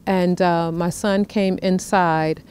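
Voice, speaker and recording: A woman who runs a youth ranch program, speaking plainly and haltingly with frequent fillers in an interview. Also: fairly low pitch, steady tone, a little mellow, a little hiss or hum. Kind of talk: interview and hands-on instruction.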